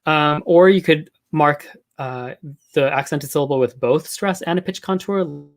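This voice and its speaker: A man's voice: fairly high pitch, unhurried. Man giving a casual linguistics lecture. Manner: casual explanatory, frequent ums and hedging fillers. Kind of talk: academic online lecture.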